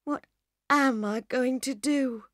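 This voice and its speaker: A woman's voice: high voice, slow pace, dry recording, studio quality, pitched above the performer's own voice. A woman reading aloud and voicing an upset young husband who pleads in disbelief. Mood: distraught.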